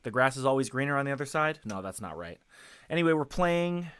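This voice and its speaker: A man's voice: medium pitch, very animated, fast, fairly bright tone, smooth, no room sound. A man streaming a video game, chatting casually with viewers, rambling with plenty of fillers and restarts. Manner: rambling, self-correcting, lots of fillers. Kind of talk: casual gameplay commentary. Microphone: headset.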